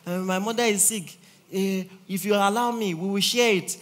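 A man's voice: high voice, moderate pace, long reverb tail, close to an everyday voice. A man voicing a pleading young male scam passenger who speaks, in an apologetic, wheedling way.

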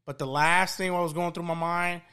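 A man's voice: a little high, flat delivery, brisk, pushed and bright, smooth. A man telling a profane story in casual chat on a podcast.

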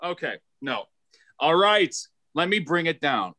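A middle-aged man performing a stand-up set, loud and animated, self-mocking, stumbling over restarts. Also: on the high side, measured pace, dry recording. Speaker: stand-up comedian.

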